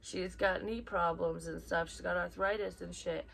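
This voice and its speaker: A woman's voice: lowish voice, steady tone, moderate pace, vocal fry, fairly bright tone. A young woman talking casually as a psychic reader, blunt and rambling, swearing often and sometimes dropping to a whisper. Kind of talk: casual personal chat.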